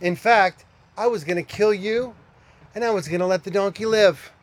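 A man playing a stern archangel in a sermon retelling, speaking low, quiet and commanding. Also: moderate pace, natural voice. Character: stern archangel with drawn sword, male.

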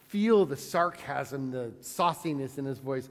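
Preaching in a hall with long reverb, this forties-aged man tells stories and brings their characters to life by performing their voices. He keeps a moderate pace at a medium pitch, barely pausing.

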